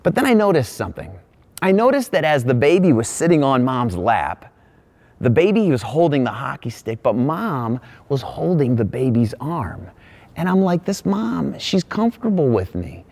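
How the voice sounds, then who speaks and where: Man preaching, middle-aged, lively storytelling, self-deprecating, sermon. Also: medium pitch, moderate pace. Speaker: pastor.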